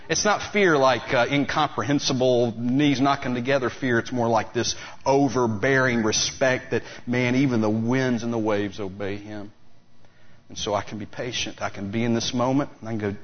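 A male preacher at mid pitch delivers a sermon in an animated storytelling way, acting out the people in his story. The recording sounds a little dull and lo-fi. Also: normal speed. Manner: animated storytelling, acts out voices of the disciples. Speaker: pastor.

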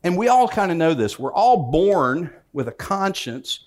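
A man's voice: fairly high pitch, very animated, measured pace, a little mellow. A man preaching a sermon, reading scripture aloud and then explaining it in a conversational way with joking asides. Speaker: pastor.

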